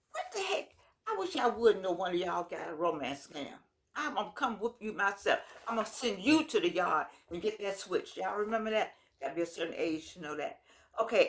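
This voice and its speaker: A woman's voice: medium pitch, a bit bright. An older woman with a Southern US accent, talking casually to camera in a folksy, rambling way. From United States. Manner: chatty, folksy, digressing, with laughs. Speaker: vlogger.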